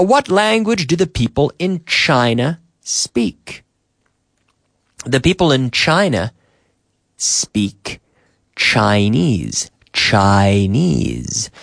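A man teaching an English lesson on the radio, drilling phrases slowly and repeating them, with short glosses added in between. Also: medium pitch, vocal fry, dry recording, clean studio sound. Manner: slow, repetitive drilling with Spanish glosses. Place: radio studio.

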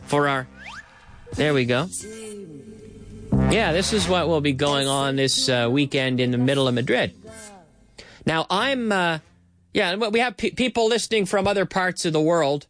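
A man hosting a bilingual English lesson for Spanish speakers, repeating phrases slowly for learners and mixing in Spanish words. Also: on the high side, expressive, fairly bright tone, soft background music. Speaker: language teacher and podcast host.

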